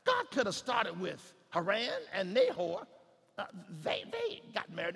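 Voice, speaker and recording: High, gravelly, shouting preacher in a hall. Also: male voice, huge pitch swings, unhurried, soft background music. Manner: preaching with sudden shouted climaxes and hushed passages. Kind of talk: sermon.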